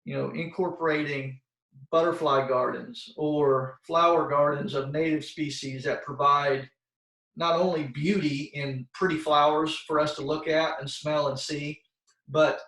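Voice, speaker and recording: Over a video call, a soil health expert talks informally and plainly to schoolchildren, with plenty of fillers and restarts. His voice runs on the high side, a bit bright with vocal fry, and sounds distant from the mic in a roomy space.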